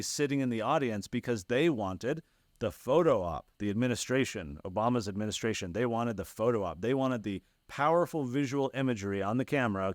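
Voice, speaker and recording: Animated man explaining a fallacy. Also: medium pitch, no echo, clean studio sound. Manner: animated storytelling, acts out quoted voices. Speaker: lecturer. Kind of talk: explanatory talk on logical fallacies.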